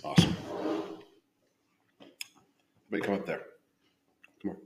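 Broadcasting from a room at home, the podcast host and fitness coach talks casually about his coaching on a live stream, cursing freely and constantly cutting himself off to restart. He sounds mid-range and brisk, with roomy echo and a little hiss or hum.

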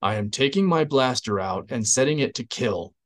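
A man voicing a petty, self-important male Imperial interrogator, slow and menacing. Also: medium pitch, animated, a bit bright, lightly acted.

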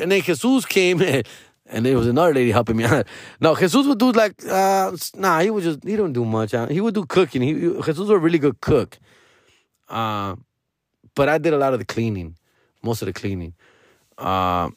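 A man's voice: mid-range voice, no room sound. A man in his forties telling a loose, rambling story in a mid-range voice. He leans on street slang and drifts into Spanish at times. The recording is dry and close, with no room sound. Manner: slangy, peppers talk with "dog" and "bro". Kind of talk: casual storytelling monologue.

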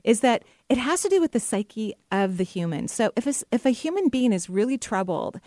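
A woman's voice: a little high, sing-song, fairly quick, dark tone, dry recording, clean studio sound. Chatty middle-aged woman radio host. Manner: chatty, enthusiastic, laughs easily. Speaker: radio host and psychic medium. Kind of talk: casual radio talk.

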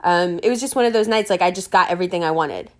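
A young woman from New York City telling a story in casual chat, animated and full of laughter, with lots of fillers and swearing. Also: on the low side, fast.

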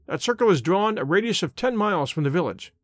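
A man voicing a confident Victorian police inspector who talks in a hearty, brisk way. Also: high-pitched, animated, dry recording, studio quality.

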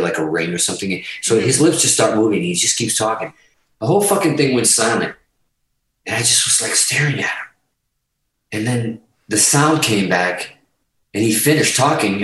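A middle-aged man telling an animated, profanity-laced story in casual chat, often laughing as he talks. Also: fairly low pitch, heavy reverb, far from the mic, low-quality recording. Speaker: guest guitarist telling a story.

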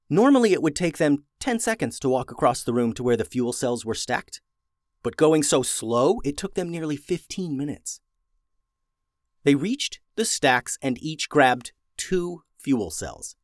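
A man's voice: medium pitch, no room sound, studio quality. Man reading a children's story aloud. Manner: expressive, dramatic slowing for suspense.

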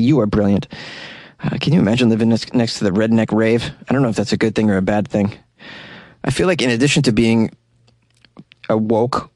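A man hosting a comedy news podcast, joking around in an animated way and laughing at his own jokes. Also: medium pitch, no room sound. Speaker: podcast host.

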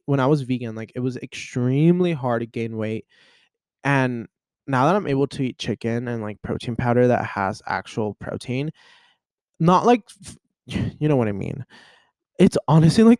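A man's voice: a little mellow, no echo, studio quality. A man in his twenties talking on a casual solo podcast, rambling and venting with lots of fillers. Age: 20s. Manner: rambling and chatty, full of "like" and "you know" fillers; emotional and venting, with sudden jumps in pitch. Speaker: podcast host.

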